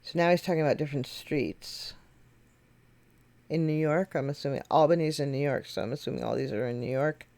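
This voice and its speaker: A woman's voice: low voice, steady tone, a little fast, gravelly, dark tone, no room sound. A woman hosting a music reaction video, thinking aloud, chuckling now and then and correcting herself as she talks. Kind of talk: casual reaction commentary. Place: home setup at a computer.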